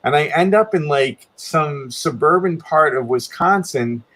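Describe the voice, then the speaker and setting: With lively intonation and a fairly bright tone, a man takes his time telling a long, meandering story as a guest artist. He restarts often, and his voice leaps higher each time he quotes himself.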